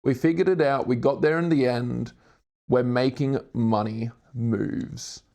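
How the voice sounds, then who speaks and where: A man's voice: mid-range voice, fairly even intonation, a little slow, vocal fry, a little mellow. A man in his twenties with an Australian accent, live-streaming while doing a jigsaw puzzle, rambling and joking at his own expense, with casual swearing. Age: 20s. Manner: rambling, jokey, self-mocking, swears casually.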